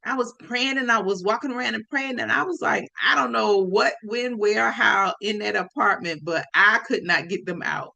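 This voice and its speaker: A woman telling a personal story on her podcast, lively and speaking straight to her listeners. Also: a little high, moderate pace, gravelly, hardly any pauses. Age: adult.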